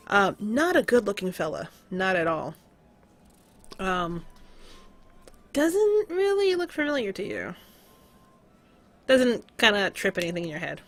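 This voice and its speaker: A woman's voice: mid-range voice, sing-song, measured pace, long pauses. A woman narrating as game master of a tabletop game, casual and loose, with frequent fillers.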